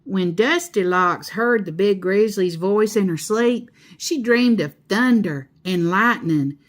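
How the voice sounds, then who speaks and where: A woman reading a children's picture book aloud in a slow, expressive storyteller voice. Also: mid-range voice. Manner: slow, expressive, laughing asides.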